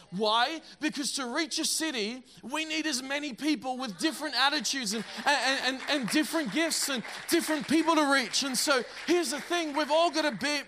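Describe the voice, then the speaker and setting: A middle-aged man preaching a sermon, energetic and emphatic, often repeating words. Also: extremely high pitch. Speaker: pastor.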